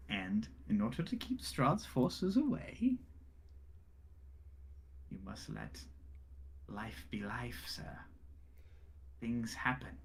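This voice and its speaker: Smug threatening burgomaster, lively pitch, voiced by a man. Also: creaky, slightly rough, heavily acted. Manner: menacing, condescending.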